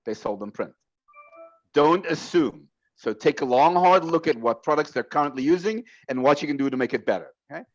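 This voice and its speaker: A man with a slightly raised pitch gives a motivational talk to sales reps on a team call. He works through numbered points, speaking emphatically and addressing the listeners directly. The audio is somewhat dull and lo-fi, as on a video call. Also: lively intonation, fairly quick, faint music behind. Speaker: sales coach.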